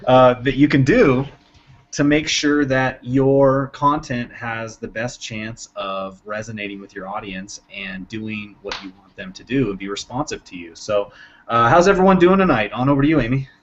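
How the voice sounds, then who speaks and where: A man's voice: medium pitch, normal speed. Male host, casual and rambling, lo-fi online call sound. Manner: rambling, self-correcting. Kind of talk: casual live webinar chat.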